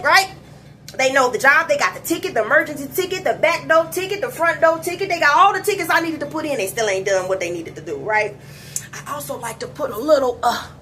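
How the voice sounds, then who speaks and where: A mother talking casually and emphatically to her viewers about her spiritual journey, in slangy speech that swings from loud to hushed. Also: high-pitched, slight background noise. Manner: slangy, talks straight to viewers. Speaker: mother and motivational vlogger. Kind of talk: casual spiritual vlog talk.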